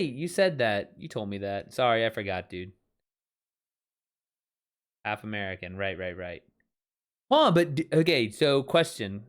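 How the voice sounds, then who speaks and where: A man's voice: lowish voice, big pitch swings, a little slow, long pauses. A man chatting casually during a live stream, talking frankly and often correcting himself mid-sentence. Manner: rambling, frequent self-corrections. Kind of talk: casual chat.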